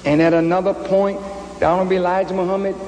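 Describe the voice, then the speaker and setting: A male minister giving a measured, solemn address to an audience in a large hall. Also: high-pitched, little pitch movement, darkish tone. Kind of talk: slow formal address to an audience. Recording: echoey hall with faint ambience.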